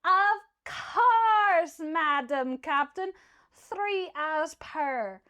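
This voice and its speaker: A woman voicing a rowdy young merman who catcalls from the water in a loud, cheeky voice. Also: very high voice, lively intonation, drawn-out words, pitched above the performer's own voice, heavily acted.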